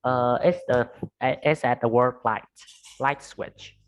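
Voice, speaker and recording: An English student answering questions in a lesson, hesitant with many pauses. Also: mid-range voice, steady tone.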